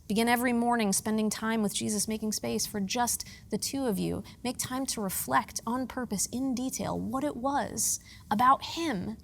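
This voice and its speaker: Female preacher, 30s, from the Pittsburgh area; lively storyteller with a wry, self-deprecating streak. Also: on the high side, vocal fry. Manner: lively, self-mocking humor with earnest hushed moments. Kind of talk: storytelling sermon.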